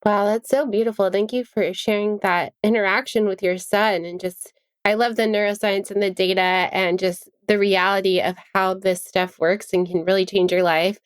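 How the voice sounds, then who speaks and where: A woman's voice: mid-range voice, steady tone, normal speed, clean tone, dry recording. Encouraging woman podcast host, dry sound. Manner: warm, encouraging, laughs easily. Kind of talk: casual interview conversation.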